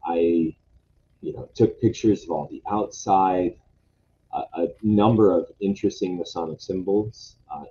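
A man's voice: low voice, warm tone. A man presenting lodge history in a casual talk, hesitant and full of fillers and restarts. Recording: dull lo-fi sound, faint noise.

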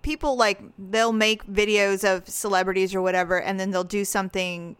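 A woman co-hosting a podcast, telling stories in a chatty, animated way with quick asides. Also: mid-range voice, clear, resonant tone, no room sound. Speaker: podcast co-host. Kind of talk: casual chat.

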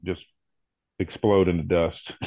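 A man co-hosting a podcast in casual chat, quickly backing up his guest and agreeing with him. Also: low voice, steady tone, warm tone, no echo. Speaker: podcast co-host.

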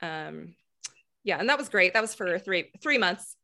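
Casting: woman, bright tone, candid guest, laughs easily. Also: lowish voice, expressive, unhurried, vocal fry. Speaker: podcast guest. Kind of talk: casual chat.

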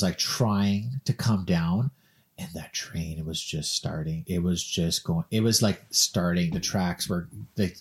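A man from Minnesota co-hosting a podcast, telling a story in a casual, animated way and acting out the quoted voices. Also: on the low side. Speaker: podcast co-host.

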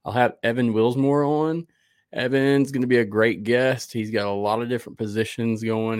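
Low-voiced man hosting a casual podcast. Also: darkish tone, no room sound, clean studio sound. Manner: rambling, loose, with fillers and restarts. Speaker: podcast host. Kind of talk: casual live podcast chat.

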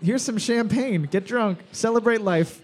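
Man, high voice, trivia quizmaster, profane jokes, repeats questions slowly. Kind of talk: bar trivia hosting with crude banter. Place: bar trivia night with a sound system.

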